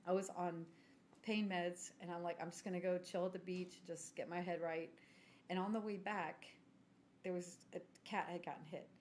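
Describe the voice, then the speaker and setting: A woman's voice: on the low side, fairly even intonation, moderate pace, darkish tone, a little hiss or hum. Chatty woman telling a story. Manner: chatty, self-mocking, clears throat often. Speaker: podcast co-host. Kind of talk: casual storytelling chat.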